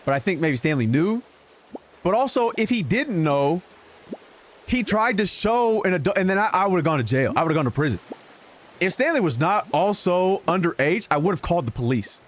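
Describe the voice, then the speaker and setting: A young man streaming a game, telling a rambling story in casual chat, often stopping and restarting his sentences and getting more animated as he goes. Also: high-pitched, moderate pace. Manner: animated, rambling, self-interrupting. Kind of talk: casual storytelling while gaming. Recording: music playing in the background.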